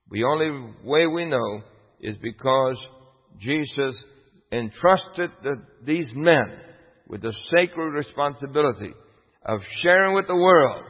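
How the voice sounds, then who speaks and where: A man preaching a sermon emphatically, putting rhetorical questions to his listeners. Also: mid-range voice. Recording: dull lo-fi with long hall reverb.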